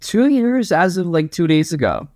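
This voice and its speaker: A man's voice: high voice, sing-song, normal speed, a little mellow, dry recording, studio quality. A man in his twenties, a guest on a podcast, chatting in an upbeat, witty way. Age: 20s. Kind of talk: casual podcast chat.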